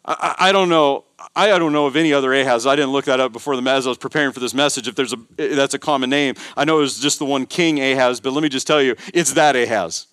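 A man's voice: medium pitch, steady tone, fast, a bit bright, clear, resonant tone, dry recording, studio quality. A man preaching a sermon as pastor, emphatic, repeating words and building intensity. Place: church.

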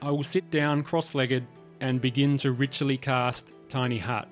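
A man's voice: medium pitch, steady tone, moderate pace, faint music behind. A man hosting a tabletop game podcast as game master, wry and teasing as he chats with his players. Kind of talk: casual podcast chat.

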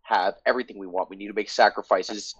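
A man's voice: lowish voice, fairly even intonation, quick pace, fairly bright tone, slightly rough, no room sound. A man streaming and chatting casually, joking and swearing freely. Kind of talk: casual chat. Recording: dull lo-fi mic.

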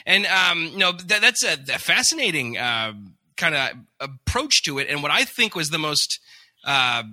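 A male podcast host with a very bright, ringing voice pitched a little high. He talks in a chatty, joking way and asks long, rambling questions. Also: very animated, unhurried. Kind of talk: casual interview hosting.

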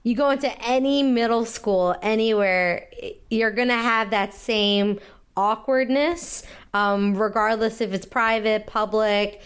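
A woman's voice: a little high, measured pace, clean tone. A young adult woman comedian chatting casually, telling stories with lots of fillers and laughter. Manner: animated storytelling with frequent fillers and laughs. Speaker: comedian guest. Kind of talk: casual podcast chat.

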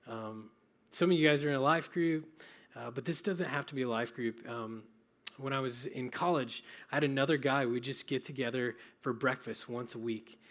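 A young man giving an earnest, practical sermon, often pausing with fillers and restarting his phrases. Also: medium pitch. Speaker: preacher.

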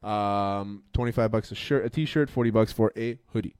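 A man's voice: on the low side, darkish tone, smooth, no echo, studio quality. A man co-hosting a casual podcast, rambling through stories and laughing easily. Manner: fast rambling storyteller, laughs easily, does silly voices. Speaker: podcast co-host. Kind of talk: casual sports podcast banter.

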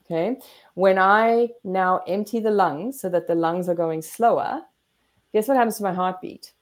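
A woman guest therapist explaining coping techniques in an animated way, acting out what her body and brain say. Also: medium pitch, normal speed. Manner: animated, demonstrates breathing and acts out inner voices.

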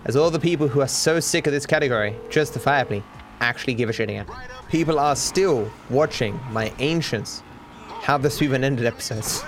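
A man's voice: medium pitch, a little fast, soft background music. A young man, a streamer rambling casually, candid and self-deprecating, swearing freely.

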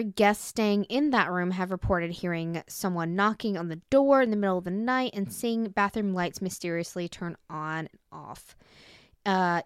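A woman's voice: fairly low pitch, clean tone, no echo, studio quality. A young woman hosting a podcast, reading ghost stories in a chatty, giggly way with lots of fillers. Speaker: podcast host.

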